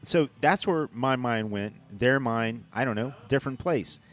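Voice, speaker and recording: A man's voice: mid-range voice, unhurried, a bit bright. Rambling, joking podcast co-host man. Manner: rambling with many restarts; joking, sarcastic. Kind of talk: casual chat.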